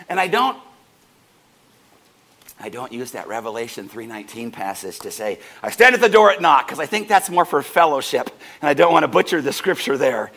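Male pastor mid-sermon; high, bright voice, playful, acts out short exchanges. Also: vocal fry. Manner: animated, swings up and down in pitch and loudness; jokey, acts out doorstep conversations in little voices. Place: church service.

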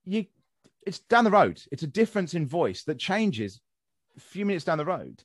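Lively ranting young Englishman, podcast host. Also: on the high side, normal speed, dry recording, studio quality. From England. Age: young adult. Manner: ranting, swears freely, animated. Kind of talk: casual podcast chat.

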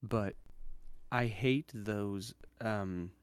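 A man with a slightly low voice talks about a book in casual conversation. He mixes dry, wry remarks with halting, considered opinions. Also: clean tone, no echo. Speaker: podcast co-host. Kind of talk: casual chat, book discussion.

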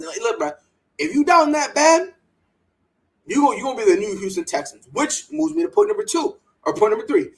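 A man's voice: very high-pitched, brisk, rough recording. A man hosting a sports podcast, ranting with strong opinions and mocking quotes in a put-on voice. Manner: animated, heated rants with mocking put-on quotes. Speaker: podcast host.

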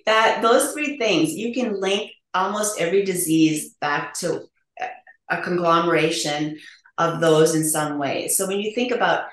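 A woman's voice: on the low side, a bit bright. A middle-aged woman, a nurse practitioner guest, explaining earnestly with frequent ums. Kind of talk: conversational interview. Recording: echoey room.

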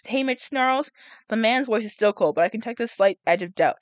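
A young woman, a reader and vlogger, reads a novel aloud and breaks off to chat and react, laughing and groaning between passages. Her mid-range voice is fairly quick with lively intonation, and there's no room sound.

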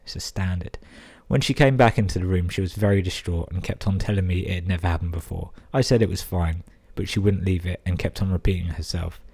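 Deep-voiced, sweary podcaster. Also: male voice, fairly even intonation, a little fast, hardly any pauses, darkish tone, breathy edge. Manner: crude, sweary, amused interjections. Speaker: podcast host. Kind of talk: reading listener emails with commentary.

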